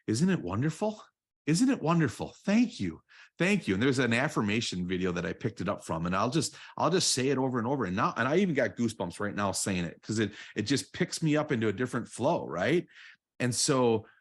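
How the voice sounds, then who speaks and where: A man's voice: medium pitch, animated, quick pace. A man guesting on a podcast as a real estate coach, talking earnestly and repeating phrases, often checking in with "right?". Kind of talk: podcast interview.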